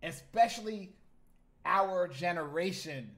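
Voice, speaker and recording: Animated slangy male streamer. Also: high voice, slow pace. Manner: animated, slangy, talks to chat. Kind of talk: casual live-stream chat.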